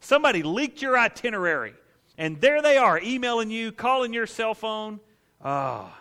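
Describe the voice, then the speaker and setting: A man preaching a sermon as pastor, telling the story with animated, playful asides, in a church. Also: high-pitched, moderate pace. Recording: echoey hall.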